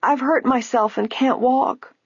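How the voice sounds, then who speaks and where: A frail, stubborn old woman in a storybook, her voice high and quavering, as a woman reader puts her on. The sound is dull and lo-fi, dry and close, with a husky edge. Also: unhurried, no echo, exaggerated voice. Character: frail, proud old woman, injured and poor.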